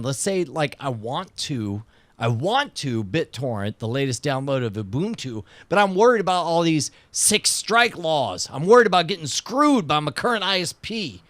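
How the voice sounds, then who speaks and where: A man with a fairly high voice riffs sarcastically with his co-hosts on a comedy podcast, spinning mock-hypothetical scenarios. The recording is dry and close to the mic. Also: big pitch swings, normal speed, a bit bright, no echo. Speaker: podcast co-host. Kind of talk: comedic banter.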